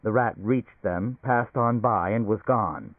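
A man's voice: lowish voice, slow, dry recording. Man narrating over a tinny line. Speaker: audiobook narrator. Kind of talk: scripted narration. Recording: tinny phone-like recording.

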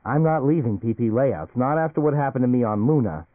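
A man's voice: medium pitch, expressive, brisk, dry recording, pitched above the performer's own voice, natural voice. A man voicing an anxious male business executive who talks in agitated, rising outbursts. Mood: worried. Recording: phone-like narrow band, dry.

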